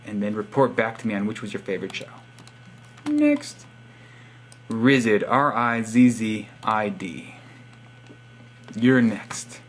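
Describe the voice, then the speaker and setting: A man's voice: fairly low pitch, fairly even intonation, measured pace, a little hiss or hum. A young man reading out subscriber profiles in a casual, sarcastic, teasing monologue. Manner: sarcastic teasing, reads profiles aloud with wry asides. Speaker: vlogger giving subscriber shoutouts.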